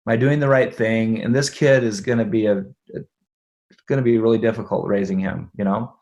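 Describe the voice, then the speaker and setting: A middle-aged man, a guest in an interview, telling a personal family story in an animated way, laughing along and checking in with his listener. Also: lowish voice, fairly quick.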